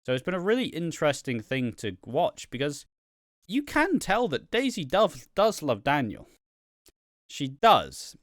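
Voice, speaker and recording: A man's voice: a little high, wildly swooping pitch, a little slow, dry recording, clean studio sound. A man hosting a podcast, chatting casually about a soap opera with lots of "um"s and "like"s and some casual swearing. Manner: rambling, many "um"s and "like"s, casual swearing. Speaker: podcast host. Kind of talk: casual soap review chat.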